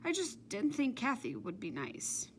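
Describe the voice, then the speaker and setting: Figure: a woman doing a sing-song lunch lady. Pitch: high. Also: wildly swooping pitch, measured pace, slight background noise. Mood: calmly explaining.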